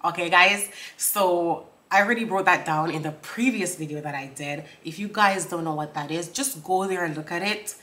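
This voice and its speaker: A woman breaking down song lyrics for viewers, laughing often and reading lines out slowly before explaining them. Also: lowish voice, a bit bright. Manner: talks straight to viewers, asks for comments. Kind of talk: casual chat.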